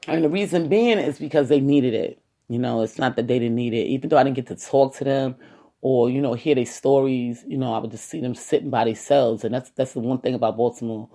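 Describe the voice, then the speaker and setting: A woman's voice: extremely low pitch, fairly quick, creaky, dark tone. A woman with a New York accent, an activist giving a casual, rambling podcast monologue and often saying "you know".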